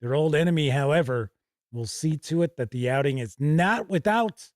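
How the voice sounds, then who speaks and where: A man's voice: fairly high pitch, lively intonation, normal speed, dry recording, clean studio sound. A middle-aged man hosting a casual livestream, reading passages aloud from old game books and correcting himself as he goes. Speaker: host.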